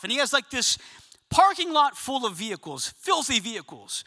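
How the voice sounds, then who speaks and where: A man preaching a sermon to his congregation, telling a story with lively asides and questions to the listeners. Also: very high-pitched, moderate pace. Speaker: pastor. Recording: long reverb of a large hall.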